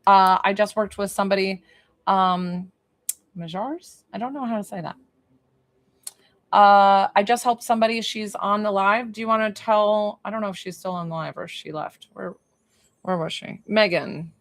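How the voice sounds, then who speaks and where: A woman's voice: mid-range voice, steady tone, moderate pace, no echo, clean studio sound. A woman hosting a live stream as a psychic medium from her basement, chatting effusively with viewers and swearing casually. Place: basement room.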